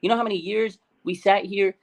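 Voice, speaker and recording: A man co-hosting a sports talk show, chatting excitedly and acting out quotes with big swings in his voice. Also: high voice, brisk, gravelly. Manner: animated, hyped, acts out quotes. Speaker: podcast co-host. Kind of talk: excited casual sports chat.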